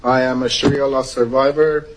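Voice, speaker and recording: Husky man pleading at a public meeting. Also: mid-range voice, flat delivery, moderate pace, rough recording. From Iran. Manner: urgent, pleading, emotional. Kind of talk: impassioned public comment.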